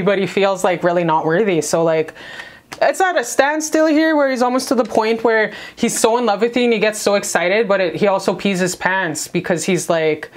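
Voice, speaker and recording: A woman's voice: mid-range voice, animated, moderate pace. Brash, profane woman giving a pep-talk reading. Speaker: tarot reader. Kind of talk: casual spiritual reading to camera.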